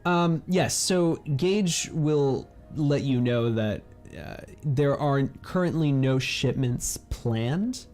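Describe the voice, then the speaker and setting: A man's voice: mid-range voice, lively intonation, slow, hardly any pauses, darkish tone, faint music behind. A man running a tabletop game as game master, explaining things in a rambling way.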